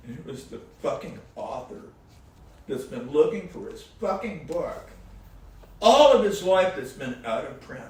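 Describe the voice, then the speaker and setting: A man and guitar player giving advice in casual storytelling chat, rambling and animated, swinging between loud and soft. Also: a little high, unhurried. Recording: very echoey room, distant mic, faint noise.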